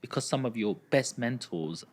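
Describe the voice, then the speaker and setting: A man in his thirties with an East London accent, hosting a podcast interview and telling stories in a lively, chatty way. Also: medium pitch, moderate pace. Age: 30s. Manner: lively storyteller, acts out quoted voices. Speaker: podcast host. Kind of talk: casual conversational interview.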